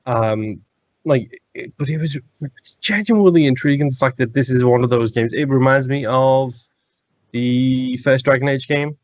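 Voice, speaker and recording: A man's voice: mid-range voice, a little mellow, dry recording. Chatty man, podcast co-host, filler-heavy, muffled dry mic. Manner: chatty, quick, many fillers like "like". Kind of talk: casual podcast chat about games.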